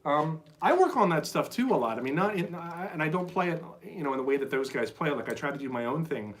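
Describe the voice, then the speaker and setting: A man's voice: on the high side, expressive, fast talker. Chatty man teaching drums on a stream. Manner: chatty, enthusiastic, full of "like" and "right?"; scats rhythms aloud with syllables. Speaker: drum teacher streaming live. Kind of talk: casual live-stream drum lesson. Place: drum shed. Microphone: phone.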